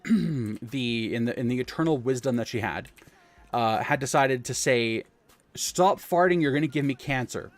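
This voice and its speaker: A young man tells rambling, profane childhood stories on a casual live stream, often correcting himself. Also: medium pitch. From Canada.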